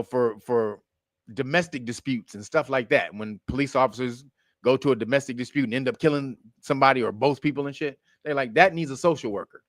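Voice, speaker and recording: A man hosting a casual commentary show, rambling and profane, who corrects himself often and breaks into loud laughter. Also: medium pitch, no echo, studio quality. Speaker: show host.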